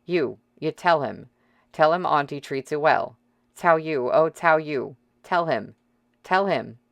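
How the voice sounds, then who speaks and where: A man's voice: expressive, slow, gravelly, fairly bright tone, dry recording, exaggerated voice. A man voicing a panicked, desperate woman who pleads and wails, in an audiobook reading. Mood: pleading. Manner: wailing, pleading, shrill. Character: panicked desperate woman, caregiver turned captor.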